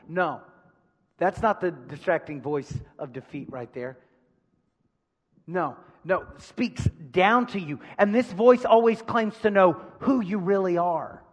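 A man's voice: sits high, animated, a little slow, long reverb tail. A male pastor preaching a sermon in a church, emphatic, repeating phrases and putting questions to the congregation. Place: church sanctuary.

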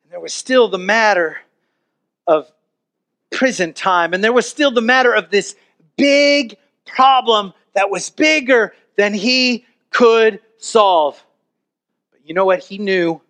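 A man, a pastor preaching a sermon and telling a story with animated emphasis. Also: high voice, slow pace.

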